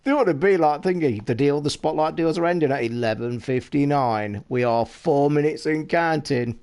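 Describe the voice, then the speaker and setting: Swearing, excitable British man streaming. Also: fairly high pitch. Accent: British English. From United Kingdom. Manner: swears constantly, excitable and rushed, talks to chat. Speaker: live streamer. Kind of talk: casual live-stream chat.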